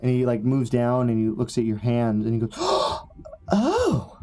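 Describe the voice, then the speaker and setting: A man voicing an excitable hunchbacked male scholar who talks in a high, giggly, stammering rush. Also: a little slow, soft background music. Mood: excited.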